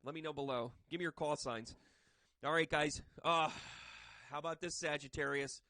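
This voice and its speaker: A man giving a casual tarot reading to camera, chatty and joking, with bursts of loud emphasis. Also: on the high side, fairly even intonation, moderate pace, dry recording. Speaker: tarot reader and medium. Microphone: microphone.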